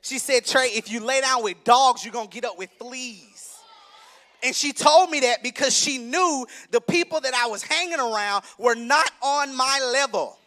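A young adult man preaching a sermon, emphatic and conversational, rising to shouts. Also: very high voice, moderate pace. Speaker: minister preaching.

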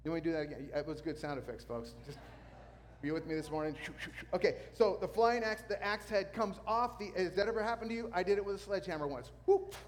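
A male pastor preaching a sermon, telling a story with lively sound effects. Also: high voice, fast talker, in a large hall, slight background noise.

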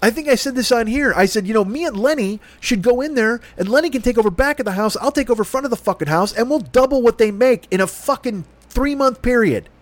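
High-voiced man from Chicago ranting profanely. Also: animated, fast talker, few pauses, no echo. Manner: profane, exasperated storytelling. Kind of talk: casual ranting monologue.

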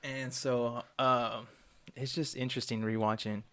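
A man is deep in an easy, rambling chat about a movie. He is laid-back and jumps into a higher voice whenever he quotes a scene. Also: level tone, unhurried, fairly bright tone.

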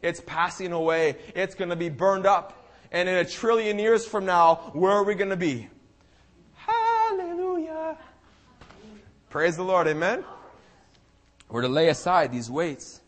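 A young male preacher with a notably high-pitched voice delivers his sermon with fervor. He is emphatic and impassioned, and he keeps circling back to repeat key phrases for force. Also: normal speed. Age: young adult. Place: church service.

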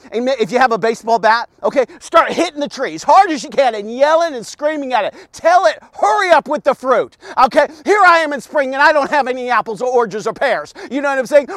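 Man, devotional host, very high voice, animated folksy chat, dry close sound. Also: no echo. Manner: animated, repetitive and folksy, often saying "look at" and "okay". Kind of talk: casual devotional talk. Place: outdoors in a park.

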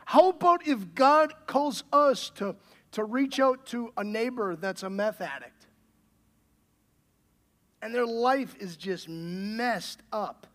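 A man's voice: very high-pitched, lively intonation, slow, a bit bright. A man, the pastor, preaching a sermon in a conversational way and building to emphatic questions.

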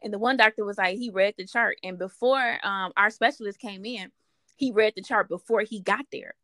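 In a casual conversation, a woman asks questions and tells her own experience with emotion, full of fillers and restarts. Her mid-range voice is a bit bright and at normal speed, recorded with no room sound.

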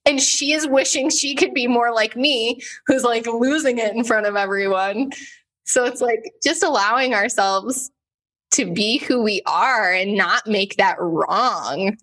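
A woman hosting a podcast in casual chat, telling personal stories with lots of "like" and an animated delivery. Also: a little high, measured pace. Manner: chatty, heavy use of "like", animated storytelling. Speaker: podcast host.

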